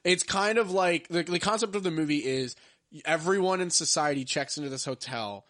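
Rambling podcast host, slightly high voice. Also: male voice, normal speed, a bit bright, no echo, clean studio sound. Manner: rambling, lots of "like" fillers. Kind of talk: casual movie-ranking chat.

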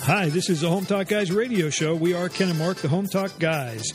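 A man co-hosting a home improvement radio show, who tells local stories in a folksy, measured way. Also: sits high, over music. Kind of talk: radio storytelling and chat.

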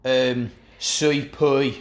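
A man hosts a relaxed chat about football and teases his co-host in a dry way. His voice sits at an ordinary middle pitch. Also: drawn-out words. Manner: dry teasing banter. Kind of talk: casual chat.

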